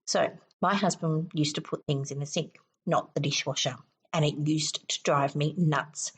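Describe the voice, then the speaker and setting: A woman hosting a self-help podcast, explaining steps in a calm, instructive way. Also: deep voice, a little slow, breathy edge. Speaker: podcast host.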